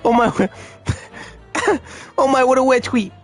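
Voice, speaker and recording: A man voicing a refined, polite young Englishwoman in a video game, speaking in a high, sing-song put-on with flowery phrasing. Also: a little slow, faint music behind. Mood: chirpy.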